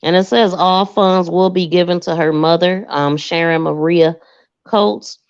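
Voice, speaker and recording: A woman hosting a crime podcast, soft-spoken and hesitant, with many fillers. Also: lowish voice, fairly even intonation, unhurried. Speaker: podcast host. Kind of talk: casual crime podcast discussion. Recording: dull lo-fi dry sound.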